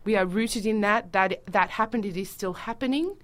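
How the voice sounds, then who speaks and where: A woman talking as a theatre-maker guest in a radio studio, animated and acting out quoted voices. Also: mid-range voice, moderate pace. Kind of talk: casual interview chat.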